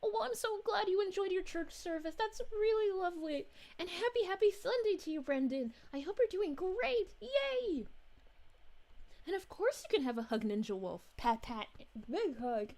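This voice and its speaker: Woman doing a gentle space princess, high sweet voice, lively sing-song lilt, bubbly, giggly, live-stream chat. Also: normal speed, exaggerated voice. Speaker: VTuber streamer reading chat.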